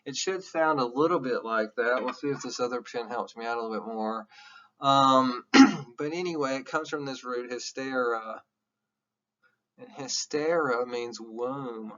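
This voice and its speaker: A male instructor giving a recorded classroom lecture in a loose, animated style, wandering into candid, jokey asides now and then. The sound is a little dull and lo-fi, as if recorded in a classroom. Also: medium pitch, unhurried. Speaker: college psychology instructor.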